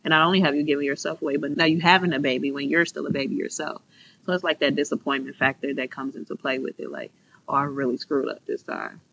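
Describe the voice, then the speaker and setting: A woman's voice: low-pitched, steady tone, quick pace, vocal fry, fairly bright tone, no echo. A young woman in her twenties from Chicago, candidly telling her own story, with lots of fillers, acting out her past thoughts aloud. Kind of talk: personal storytelling. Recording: slightly muffled, faint music behind.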